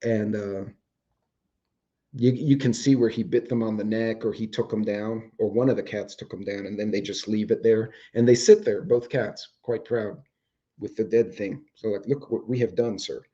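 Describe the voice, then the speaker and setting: A man's voice: fairly low pitch, fairly even intonation, normal speed, warm tone, lo-fi sound. A man, hosting a casual chat show from home, rambling and swearing offhandedly, his voice starting to go. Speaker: host. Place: home, indoors with dogs.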